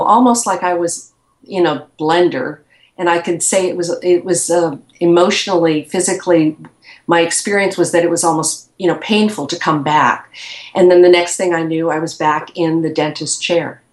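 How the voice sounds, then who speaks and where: Brief: woman guest, low-ish voice, soft and reflective, echoey room. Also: steady tone, moderate pace. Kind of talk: recounting a personal experience.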